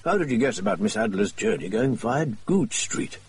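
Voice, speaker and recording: A man's voice: medium pitch, animated, moderate pace, a little mellow, husky. A man voicing a bluff, easily baffled Victorian male doctor who splutters and exclaims. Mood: curious.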